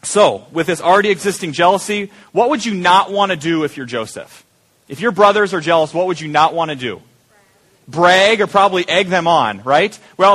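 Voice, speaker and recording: Joking pastor with a call-and-response sermon. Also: male voice, fairly high pitch, fairly bright tone. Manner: jokey, engaging the audience with call-and-response.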